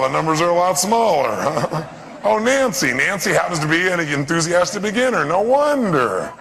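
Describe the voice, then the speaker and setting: A man giving a live seminar talk in a large hall, lively and constantly quizzing the audience with questions. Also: sits high, vocal fry. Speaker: seminar speaker. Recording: echoey hall with long reverb.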